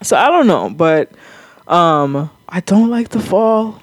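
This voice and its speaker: A woman's voice: on the low side, animated, slow, no echo. A woman hosting a podcast, talking candidly and emotionally, swearing freely. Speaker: podcast host. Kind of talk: candid casual podcast chat.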